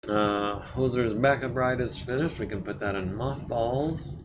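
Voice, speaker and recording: A man casually talking through repairs while streaming a strategy game, his throat a bit scratchy and often cleared. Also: mid-range voice, unhurried. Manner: relaxed, thinking aloud while managing repairs. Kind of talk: casual let's-play commentary.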